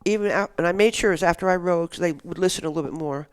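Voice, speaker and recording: A woman's voice: lowish voice, rapid-fire, clear, resonant tone, dry recording. An older woman, a guest in a podcast interview, telling stories in a rambling, enthusiastic way. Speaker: guest, action sports show organizer. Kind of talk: casual interview chat.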